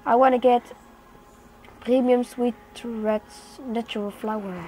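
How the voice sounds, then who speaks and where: A young woman, not a native English speaker, chats casually over her gameplay as a gaming channel host, now and then bursting into startled exclamations. Her voice is a little high and dark, with a steady tone and an unhurried pace. The home game recording is noisy.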